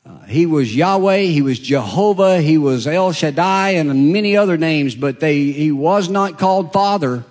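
A middle-aged man preaching a sermon in a conversational way, pausing and restarting, his pitch swinging up and down. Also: expressive, darkish tone. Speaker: pastor.

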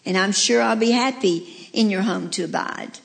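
A woman's voice: medium pitch, moderate pace, gravelly, lightly acted. A woman voicing a fragile, proud crystal goblet in a sermon poem.

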